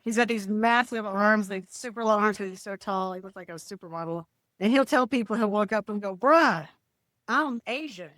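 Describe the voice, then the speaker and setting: A woman's voice: mid-range voice, fairly quick, fairly bright tone, no room sound. A woman comedian, a podcast guest, telling family stories in casual chat and mimicking relatives' voices. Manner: storytelling, mimics family voices, laughs often.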